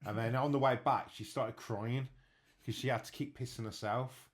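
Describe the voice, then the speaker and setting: A man's voice: mid-range voice, moderate pace. A man hosting a podcast, telling crude stories in casual banter. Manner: crude, animated storytelling. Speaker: podcast host.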